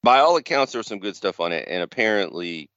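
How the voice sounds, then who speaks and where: A man's voice: lowish voice, animated, fast, a bit bright, dry recording, lo-fi sound. A man co-hosting a podcast, casually rambling through a story. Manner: rambling storyteller, acts out quotes. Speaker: podcast co-host. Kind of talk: casual chat.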